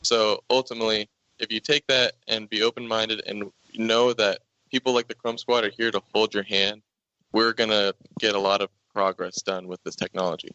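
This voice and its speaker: A teenage high school student giving an earnest, speech-like closing thought. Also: male voice, fairly even intonation, moderate pace, sharp tone, lo-fi sound. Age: teens.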